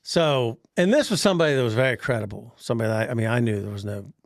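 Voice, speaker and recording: A man on a podcast telling a workplace story in casual chat, animated, laughing often and acting out the people he quotes. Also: mid-range voice, rapid-fire, vocal fry, dry recording, clean studio sound. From Pennsylvania.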